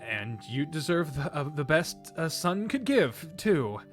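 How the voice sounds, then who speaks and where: Shy stammering game son, man voicing, soft and earnest. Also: a little high, sing-song, measured pace, soft background music, pitched above the performer's own voice. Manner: hesitant, stammering.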